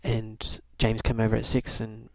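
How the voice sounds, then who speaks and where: A man's voice: fairly low pitch, monotone, measured pace, gravelly, no echo. A young man from Canada telling a rambling, wry diary-style story, full of fillers and restarts. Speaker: video blogger. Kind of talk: casual rambling diary talk.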